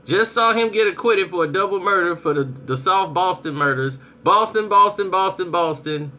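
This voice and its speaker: A young adult man giving casual spoken commentary on his channel, telling stories in a lively way and acting out people's reactions. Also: sits high, normal speed. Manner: animated storytelling, acts out reactions. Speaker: vlogger.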